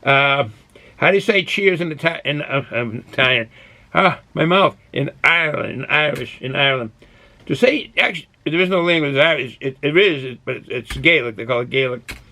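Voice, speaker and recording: With a medium-pitched, gravelly voice that is bright and forceful, this Boston beer review host talks a little fast. His casual vlog drifts into tangents while he sips and munches.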